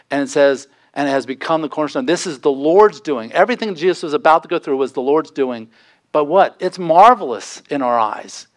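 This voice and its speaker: Earnest pastor preaching. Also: male voice. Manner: earnest, pleading, rises in pitch for emphasis. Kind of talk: sermon.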